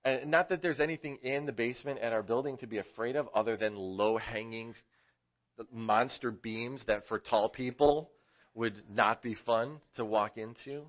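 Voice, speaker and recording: A man's voice: medium pitch, normal speed, muffled recording. A man teaching a casual Bible lesson to kids in a conversational way, often asking his listeners questions. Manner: conversational, asks the audience questions. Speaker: children's church teacher.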